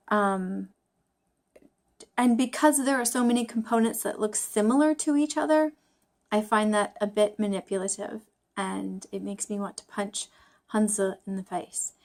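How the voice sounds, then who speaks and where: A woman talking casually to camera in a study vlog, thinking aloud, joking about her own mistakes, with frequent fillers and restarts. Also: on the high side. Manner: chatty, self-deprecating, thinking aloud with fillers. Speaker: language-learning vlogger.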